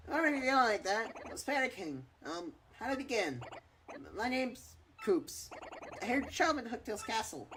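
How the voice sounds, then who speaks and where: A woman voicing a timid young male turtle in a video game, who stammers and trails off softly. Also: fairly high pitch, very animated, fast, hardly any pauses, a little hiss or hum. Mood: nervous. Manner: stammering, hesitant, soft. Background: game music.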